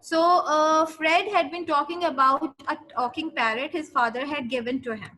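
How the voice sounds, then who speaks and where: Bright, high-voiced woman teacher. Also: fairly even intonation, moderate pace, low-quality recording. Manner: explains words in passing, fillers like "so, uh". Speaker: English teacher. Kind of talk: reading a story aloud and explaining words to a class. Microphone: online class microphone.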